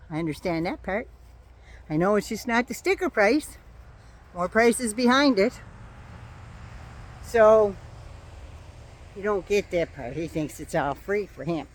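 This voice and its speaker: An older woman vlogging outdoors in her yard, talking to a phone or camera held at arm's length in a sarcastic, mocking casual rant. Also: mid-range voice.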